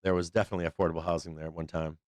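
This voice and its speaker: A man's voice: deep voice, little pitch movement, racing, a little mellow, no room sound. A man from Boston hosting a live stock market show, talking off the cuff in a rambling, profane way. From Boston, USA. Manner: rambling, profane, with frequent fillers. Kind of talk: casual livestream chat.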